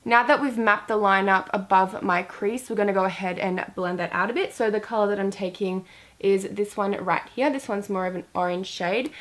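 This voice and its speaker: A woman's voice: medium pitch, fairly bright tone. A young woman chats her way through a makeup tutorial. She talks casually and loosely, with plenty of filler words. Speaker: beauty vlogger.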